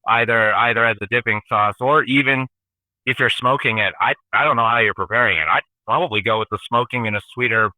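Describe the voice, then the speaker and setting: A man's voice: medium pitch, brisk, bright, forceful tone, dry recording, low-quality recording. A man who drives trucks, a guest in casual chat, easygoing and chuckling, with hesitant restarts.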